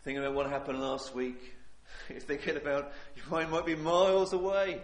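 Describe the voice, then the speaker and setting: Man, preacher, sermon, earnest and pleading, repeats phrases, slightly high voice, echoey church room. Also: level tone, normal speed.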